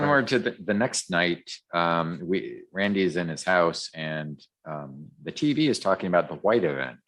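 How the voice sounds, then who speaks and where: A man's voice: low-pitched, fairly bright tone. A man co-hosting a podcast, chatting casually through a comic recap with lots of ums and restarts. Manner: rambling, many ums and restarts. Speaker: podcast co-host. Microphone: podcast microphone.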